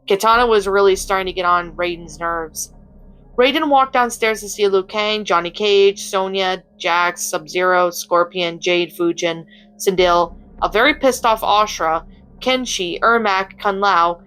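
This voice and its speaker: A woman reading a fan story aloud in plain, steady narration. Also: mid-range voice, a little slow, smooth, low-quality recording. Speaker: story reader.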